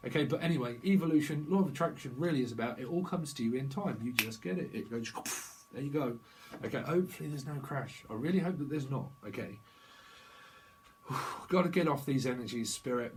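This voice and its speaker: A man's voice: mid-range voice, low-quality recording. A man giving a rambling psychic tarot reading, free-associating through wordplay and laughing at his own jokes. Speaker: tarot reader.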